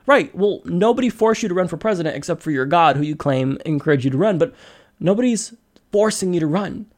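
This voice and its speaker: A man with a slightly high voice talks as a podcast host. His commentary is casual and animated, and he leans hard into sarcasm between quick asides.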